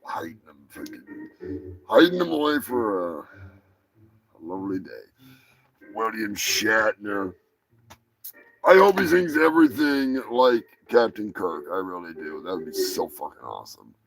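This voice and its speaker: A man hosting a live comedy stream, rambling and excitable and swearing freely. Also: on the low side, a little slow, gravelly, pauses often. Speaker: host. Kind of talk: casual live-stream chat.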